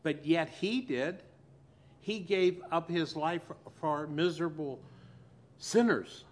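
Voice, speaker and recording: A man preaching a sermon as pastor, swinging between loud emphasis and quiet, soft asides. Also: a little high, slow.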